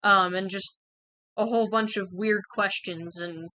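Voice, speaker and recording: A woman's voice: medium pitch, fairly even intonation, measured pace, sharp tone, no echo, poor audio. A young woman candidly telling a personal story in a frank, conversational way, full of "like" and "um". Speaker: channel host sharing personal experience.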